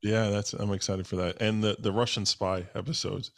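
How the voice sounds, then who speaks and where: Man, low voice, podcast host, informal, enthusiastic. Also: little pitch movement, moderate pace, gravelly. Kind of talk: casual interview chat.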